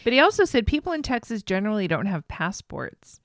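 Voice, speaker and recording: A woman's voice: medium pitch, big pitch swings, fast. A woman with a mid-range voice chats agreeably and laughs easily while she sums up reality-show couples. Her voice is recorded close and dry, with no echo. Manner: agreeable and chatty, laughs often. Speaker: podcast co-host. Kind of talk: casual chat recapping a reality show.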